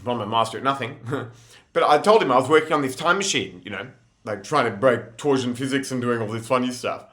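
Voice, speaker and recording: A young man rambles through casual stories, laughing often and using plenty of slang. His voice is bright, at a middle pitch. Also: animated, brisk. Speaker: vlogger. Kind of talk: casual storytelling monologue.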